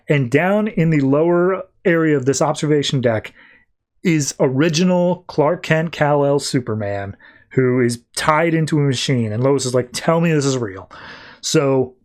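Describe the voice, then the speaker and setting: A man's voice: fairly high pitch, darkish tone. A man casually recapping a comic book issue on a podcast, paraphrasing the characters' lines with lots of "like". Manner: retells dialogue in quick casual paraphrase with many "like"s. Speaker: podcast host.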